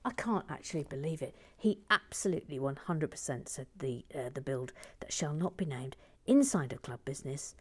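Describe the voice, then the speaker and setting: A woman hosting a LEGO build, chatting casually and playfully, slipping into mock outrage and soft whispers. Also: deep voice, lively intonation, moderate pace, slight background noise. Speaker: host building a LEGO set. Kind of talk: casual live chat while building.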